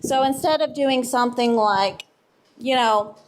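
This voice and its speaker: Woman, slightly high pitch, relaxed, joking, conference talk. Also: measured pace. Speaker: conference speaker. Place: conference hall.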